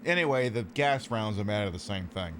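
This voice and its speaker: A man's voice: lowish voice, expressive, brisk, heavy background noise. A man casually commenting on a game he is streaming, sarcastic and profane, rambling between topics.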